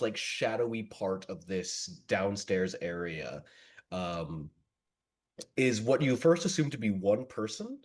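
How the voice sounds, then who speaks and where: Slow, hesitant man at a tabletop game. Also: on the low side. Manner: slow, hesitant, full of fillers. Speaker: player. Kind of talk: describing a tabletop character's actions.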